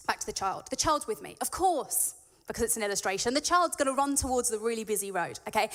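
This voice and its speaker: A woman's voice: on the high side, lively intonation, brisk. A woman preaching in a church, reading scripture and then explaining it in an earnest, conversational way that builds to emphatic peaks. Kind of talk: sermon with Bible reading.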